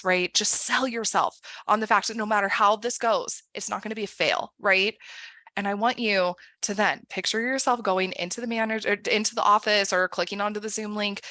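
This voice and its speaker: A woman career coach leading a guided visualization, upbeat, often acting out excited inner thoughts. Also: mid-range voice, no room sound.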